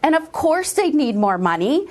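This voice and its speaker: A woman giving political commentary in a deliberate, emphatic way. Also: high-pitched, sing-song.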